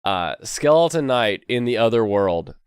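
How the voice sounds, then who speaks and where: A sick young man hosts a casual anime chat, rambling with lots of fillers and quick laughs. His voice is fairly low, smooth and resonant, recorded close in a dry space. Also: very animated, no room sound. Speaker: host.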